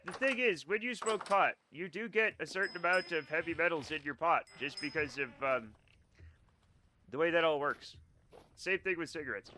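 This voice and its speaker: Gaming on stream, this young man has a voice on the high side, bright and forceful. He reads his chat and replies in a casual, sarcastic way, dropping a swear here and there.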